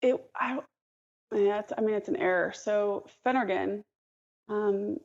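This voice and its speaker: A woman who is an emergency nurse, a guest in a casual interview, telling an animated story and acting out the dialogue. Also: medium pitch, unhurried, muffled recording.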